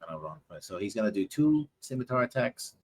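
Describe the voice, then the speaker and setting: A man narrating a tabletop game as its game master. His voice is husky and lively, rising and falling freely. He talks loosely, thinking aloud between rolls. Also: lowish voice, a little fast. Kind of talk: running a tabletop game over voice chat.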